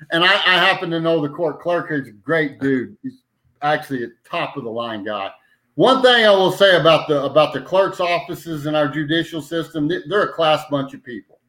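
A man's voice: a little high, lively intonation, moderate pace, bright, forceful tone, poor audio. A man casually telling a long story in a folksy, rambling way, often circling back with "anyway.". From New Mexico. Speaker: podcast guest, citizen petition organizer.

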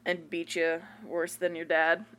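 A woman's voice: fairly low pitch, measured pace. A young woman co-hosting a podcast, swearing freely and laughing through casual stories. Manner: swears freely, lively anecdotes, laughs a lot. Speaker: podcast co-host. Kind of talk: casual chat.

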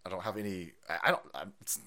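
A man live-streaming a profane, mocking rant as a show host, with angry shouted bursts. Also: sits low, fast. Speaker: political streamer.

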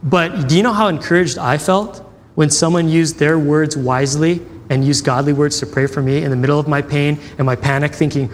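Man, pastor, conversational sermon, voices quoted dialogue, a bit high-pitched. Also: fairly even intonation, brisk, big-room sound, slight background noise. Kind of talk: sermon with personal storytelling.

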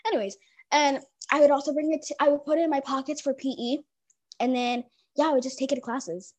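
A woman's voice: high voice, fairly even intonation, quick pace, a little mellow, dry recording. A young woman telling rambling school stories in casual chat, often breaking into giggles. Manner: giggly, rambling, many fillers.

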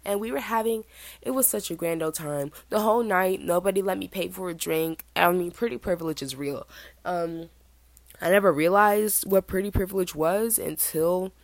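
A woman in her twenties hosting a podcast, telling a story in a chatty, animated way and feeling a bit sick. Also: moderate pace, no room sound. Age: 20s. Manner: chatty, animated, mimics other people in high voices. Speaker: podcast host. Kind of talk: casual storytelling monologue.

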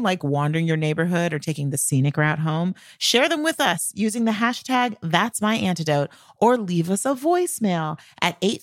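A woman co-hosting a podcast, telling stories in a relaxed, chatty way. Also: medium pitch, no echo, studio quality. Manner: relaxed storytelling, laughs often. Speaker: podcast co-host. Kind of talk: casual podcast chat.

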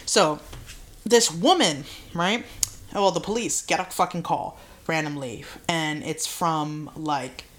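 A woman's voice: deep voice, slow pace, a bit bright. Young woman telling a story, swearing casually. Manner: swears a lot, fillers like "like" and "right?". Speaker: podcast co-host.

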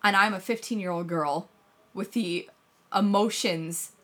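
A woman co-hosting a casual podcast chat, telling a story in an animated way and swearing often. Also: medium pitch, measured pace. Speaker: podcast co-host.

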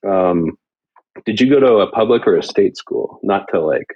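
Man from Canada, podcast host, casual chat, husky, very lively pitch. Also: moderate pace, muffled recording. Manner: animated, laughing, slips into mock accents.

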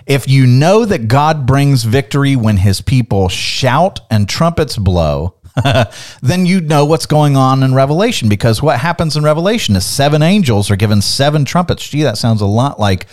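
A man in the middle of a Bible lesson on a podcast, speaking at an ordinary mid pitch. He talks emphatically, building up his points and reading scripture aloud with energy. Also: lively intonation, moderate pace, darkish tone. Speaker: podcast co-host teaching the Bible. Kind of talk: animated Bible teaching.

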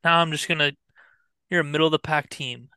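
A man's voice: on the high side, fairly even intonation, bright, forceful tone, clear, resonant tone, no echo. A young man co-hosting a podcast, talking baseball in a blunt, joking way. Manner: blunt, joking, quick to push back. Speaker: podcast co-host. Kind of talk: casual sports chat.

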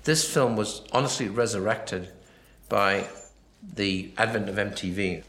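A man's voice: on the low side, measured pace, a bit bright, roomy sound. A man giving a film commentary, rambling and anecdotal, acting out quoted dialogue as he goes. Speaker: film director.

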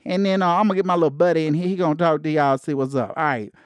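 A man's voice: fairly high pitch, quick pace, a little hiss or hum. A man hosting a casual college-radio-style podcast, talking in a slangy, laid-back way. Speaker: host.

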